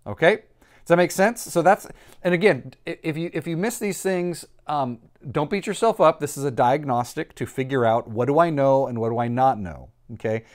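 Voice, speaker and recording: A man's voice: fairly high pitch, normal speed. A man teaching a recorded lesson. He talks patiently and reassuringly, explains step by step and thinks aloud while he writes on a board. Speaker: Greek teacher.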